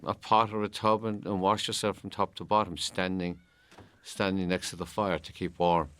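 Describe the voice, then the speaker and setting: An older man from Ireland giving an audio commentary, halting and repeating words as he recalls his past. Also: low voice, little pitch movement, fairly bright tone, smooth. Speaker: film commentator.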